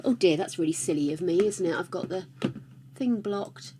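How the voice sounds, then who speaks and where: A woman's voice: lowish voice, moderate pace, dark tone, a little hiss or hum. A woman hosting a livestream, chatting casually with viewers, laughing often and greeting them by name. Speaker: livestream host.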